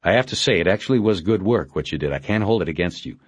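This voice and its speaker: A man's voice: sits low, expressive, quick pace, breathy edge, dry recording. A man playing a dogged male police detective who talks in a dry, pushy, sardonic way. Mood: pressing.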